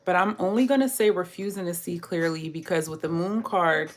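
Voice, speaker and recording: A woman's voice: on the low side, a little fast. A woman giving a casual tarot reading who talks straight to her viewers, chats freely and laughs often. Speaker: tarot reader.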